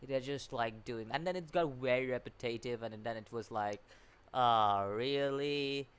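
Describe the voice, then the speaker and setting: A man giving a casual spoken anime episode review, animated and incredulous, laughing often and filling his talk with "like" and "what?". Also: mid-range voice, fairly quick, clear, resonant tone. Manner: animated and incredulous, full of fillers and repeated "like, what?"; laughs often while talking.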